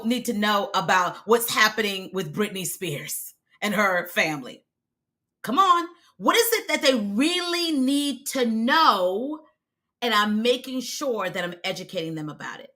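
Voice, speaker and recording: A woman's voice: mid-range voice, lively intonation, fairly quick, few pauses, bright, forceful tone. A woman in her forties with an American accent, giving an emphatic live-streamed coaching talk as a video visibility coach and talking to viewers in the comments. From United States.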